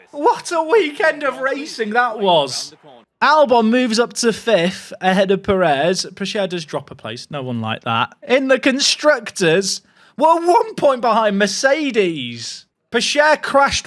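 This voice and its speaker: A male game streamer with a very high, lively voice that swoops up and down as he reacts. He talks slowly, drawing his exclamations out and repeating them, and faint game music plays behind him. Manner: excitable, exclamatory, repeats phrases. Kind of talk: live gameplay commentary.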